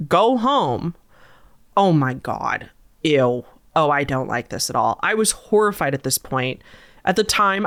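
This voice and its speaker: A woman host reading viewer-submitted scary stories aloud and breaking in with disgusted, sarcastic asides. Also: low voice. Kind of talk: storytelling reading with reactions.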